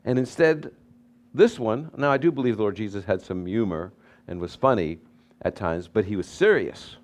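Male pastor, mid-pitched voice, animated sermon delivery with dramatic rises and quiet asides. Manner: animated preaching with anecdotes, swinging loud and soft.

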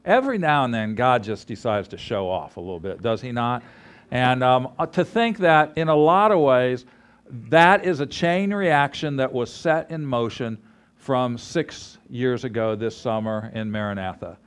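A man's voice: medium pitch, normal speed, clear, resonant tone. A man preaching to a gathered group, telling a story with acted-out dialogue. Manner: animated storyteller, acts out dialogue. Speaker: ministry leader teaching a course. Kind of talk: sermon with storytelling.

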